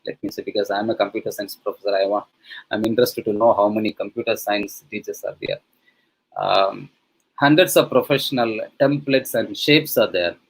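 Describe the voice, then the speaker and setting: Lower-voiced man lecturing, filler-heavy. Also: fairly even intonation, normal speed, gravelly, husky, poor audio. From India. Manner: conversational, many fillers, frequent checks with "okay?". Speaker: professor giving a webinar. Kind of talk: online teacher-training lecture.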